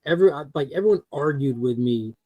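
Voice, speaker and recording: A mid-pitched man hosts a laid-back comic club hangout and argues his points bluntly, swearing as he goes. His voice comes through dry and close over a video call. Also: animated, fast talker, a little mellow, no room sound, poor audio. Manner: opinionated, swears freely. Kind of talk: casual chat.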